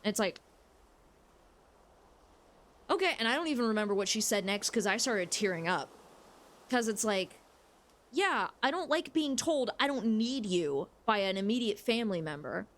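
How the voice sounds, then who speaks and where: A woman's voice: medium pitch, expressive, normal speed, fairly bright tone. A young woman streamer chatting casually while she plays a game, rambling frankly and swearing freely. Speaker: gaming streamer.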